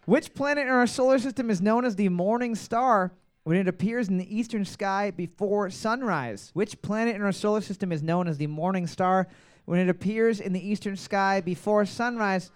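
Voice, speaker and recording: A man's voice: sits high, normal speed, clean tone. A man hosting a trivia night podcast, reading each question twice and joking crudely between rounds. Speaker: trivia host.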